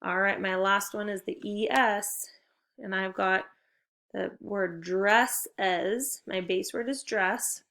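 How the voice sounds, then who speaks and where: Encouraging woman teacher, steady mid voice. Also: mid-range voice. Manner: encouraging, clearly paced instructions; stretches out target words slowly. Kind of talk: recorded video lesson for children.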